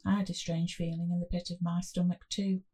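A woman reading a first-person story aloud in a slow, measured way. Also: fairly low pitch, level tone, warm tone, husky.

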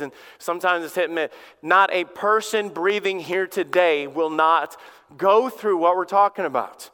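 A middle-aged man with a Southern American accent preaching a sermon in a folksy, storytelling way, with sudden animated bursts. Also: fairly high pitch, moderate pace, clear, resonant tone. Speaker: pastor. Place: church sanctuary. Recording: long reverb of a big hall.

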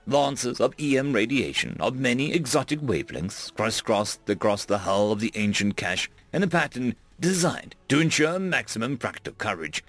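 A man's voice: mid-range voice, animated, moderate pace, hardly any pauses, fairly bright tone, dry recording, faint music behind. A man narrating a sci-fi story in a casual, offhand way. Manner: casual, fillers between voices.

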